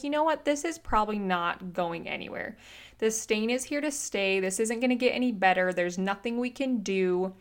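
A woman in her thirties hosts her own podcast and tells a family story in a chatty, animated way, with casual slang and plenty of "like". Her voice sits at an ordinary middle pitch. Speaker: podcast host.

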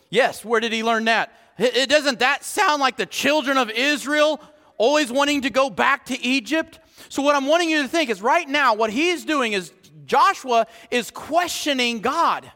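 A male pastor preaching a sermon, animated, moving from quiet asides to shouted emphasis. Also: extremely high pitch, normal speed, long reverb tail.

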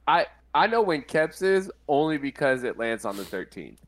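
A man's voice: on the high side, very animated, normal speed. A man in his late twenties co-hosting a podcast, chatting in an easygoing, rambling way. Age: 20s. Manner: easygoing, rambling, self-mocking. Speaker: podcast co-host. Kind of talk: casual chat between friends.

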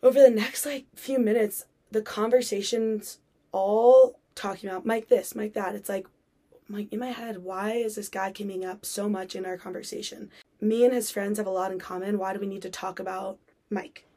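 A woman's voice: medium pitch, steady tone, normal speed, warm tone. A young woman hosting a podcast, telling a personal story in a chatty way with many fillers and acted-out quotes. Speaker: podcast host.

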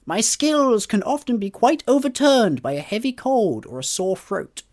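A man voicing a fussy old gentleman magician, in a stuffy professor manner with a breathy, half-whispered delivery. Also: sits high, animated, normal speed, pitched above the performer's own voice. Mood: prim. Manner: stuffy, precise reading.

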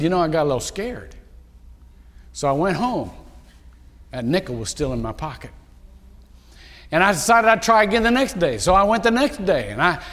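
A man preaches from the pulpit, spinning a story and acting out the people in it with animated energy. His voice sits high for a man. The sound rings with the long reverb of a large church sanctuary. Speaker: pastor. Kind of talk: sermon storytelling.

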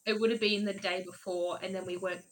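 A woman's voice: mid-range voice, steady tone, fast, crowd noise. A young woman co-hosting a podcast in casual chat, giggly and swearing, jumping between jokes. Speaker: podcast co-host. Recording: echoey room.

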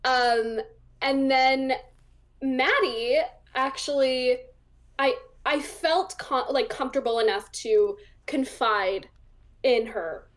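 A woman's voice: high-pitched, slow. A young woman talking as an interview guest, chatty and casual, with lots of fillers as she acts out the voices in her stories. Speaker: interview guest, psychic medium.

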